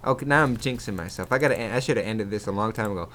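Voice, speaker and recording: A man's voice: on the low side, racing, a bit bright. A young man rambling casually as he tells a story over his gameplay video, with lots of restarts and casual swearing. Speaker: gaming YouTuber.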